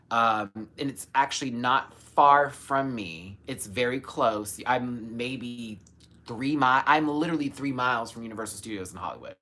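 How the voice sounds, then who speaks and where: A man hosting a casual live stream, gushing and chatty, with sudden high squeals of excitement. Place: home, in Los Angeles.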